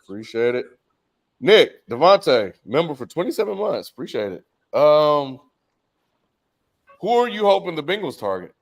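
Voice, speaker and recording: A man hosting a live sports stream, haltingly reading viewer messages and thanking donors. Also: on the high side, sing-song.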